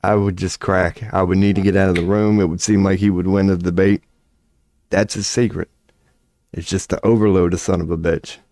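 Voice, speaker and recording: Low, dark-voiced man ranting. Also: little pitch movement, fairly quick, no echo. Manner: profane, mocking, drawling. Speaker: streamer. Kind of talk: casual rant commentary.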